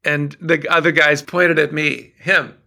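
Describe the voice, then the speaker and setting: A middle-aged songwriter from Minnesota, chatting as an interview guest and telling animated stories. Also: male voice, on the high side, unhurried, gravelly. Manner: animated storyteller, acts out quotes. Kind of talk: casual interview chat.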